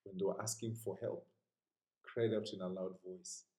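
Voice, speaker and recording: Preacher, male, earnest and conversational, low mellow voice, echoey room. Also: flat delivery, normal speed. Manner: earnest, conversational, dropping to a hushed whisper at times. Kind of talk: sermon.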